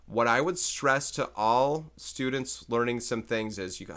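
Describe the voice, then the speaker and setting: A man's voice: mid-range voice, animated, unhurried, a bit bright. A man teaching math in a recorded lecture, chatting and thinking aloud as he works through problems.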